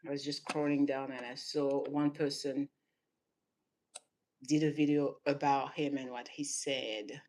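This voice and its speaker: This woman, Senegalese-born and raised in southern France, reacts to clips as a vlogger, laughing a lot between emphatic remarks. Her voice rumbles low, with a flat, unhurried, slightly mellow delivery.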